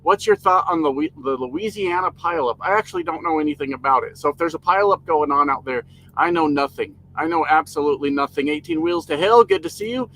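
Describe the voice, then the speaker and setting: A man streams live from inside his parked truck, his voice on the high side, brisk and fairly bright. Over poor audio, he reads viewer comments, greets people by name, and jokes in a casual chat.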